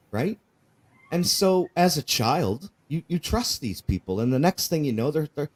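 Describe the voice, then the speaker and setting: A man's voice: fairly high pitch, sing-song, unhurried. A man telling his personal testimony in an earnest, candid way, often repeating himself and asking "right?". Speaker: guest sharing his life story.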